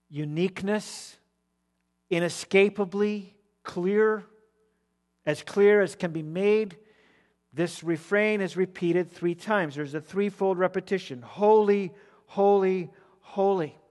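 A man preaching an expository sermon, emphatic and rising to loud declamation when he repeats words. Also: sits high, slow, pauses often. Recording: long reverb of a large hall.

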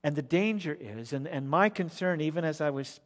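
A man delivers an expository sermon from a church sanctuary. His voice sits slightly high, and he swells into loud, emphatic declamation on repeated words. A long reverb from the large hall trails after each phrase. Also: lively intonation, normal speed. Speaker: preacher.

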